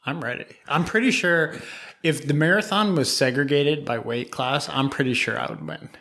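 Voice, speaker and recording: A man's voice: a little high, moderate pace, fairly bright tone. A man co-hosting a beer podcast in casual chat, easygoing with self-deprecating humor. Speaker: podcast co-host.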